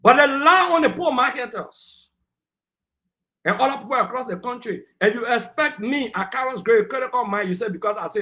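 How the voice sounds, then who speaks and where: A man's voice: extremely high pitch, lively intonation, brisk, sharp tone. A man, arguing heatedly as a panelist on a political talk show and lecturing the people who cut in. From Liberia. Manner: combative, lecturing, talks over interruptions.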